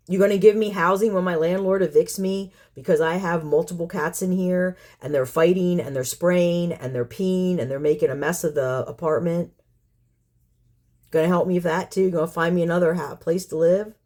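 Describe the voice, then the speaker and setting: A woman's voice: on the low side, normal speed, a little mellow. A woman hosting a cat rescue vlog, ranting at viewers in an exasperated, sarcastic way, rambling and firing off rhetorical questions. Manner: rambling with repeated phrases. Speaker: community cat caretaker and channel host.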